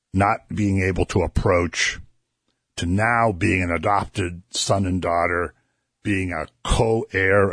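This man's voice sits low, captured in a clean studio with no room sound. Hosting a Christian radio program, he unpacks a Bible passage for his audience and co-host in an earnest, explanatory, conversational way that builds in emphasis.

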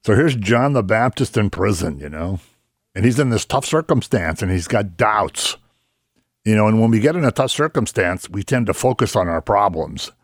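A low-pitched man talks through scripture on a Christian radio show. He is conversational and rambling, laughing easily with his co-host. His voice sounds dry and close to the mic. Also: expressive, moderate pace, no room sound. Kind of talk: casual Bible talk on Christian radio.

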